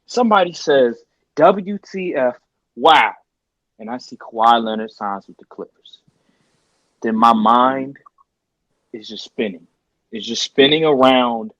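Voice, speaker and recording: A man's voice: medium pitch, lively intonation, unhurried, pauses often, fairly bright tone, dry recording, dull audio. A man hosting a podcast, ranting casually and emphatically and repeating his points. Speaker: podcast host. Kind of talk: casual sports rant.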